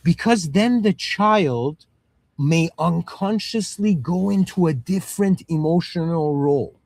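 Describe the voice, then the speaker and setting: In a dry recording, a man in his thirties with Middle Eastern roots speaks a little slowly, his fairly high voice creaky and a bit mellow. His laid-back lecture is filled with "you know" and "okay," and he plays out mini dialogues in parent and child voices.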